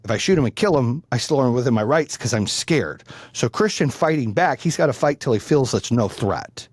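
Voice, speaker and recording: A man's voice: medium pitch, animated, a little fast, husky, dry recording, clean studio sound. A man hosting a podcast, telling a story in a blunt, profane way that grows heated. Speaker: podcast host. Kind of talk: casual storytelling.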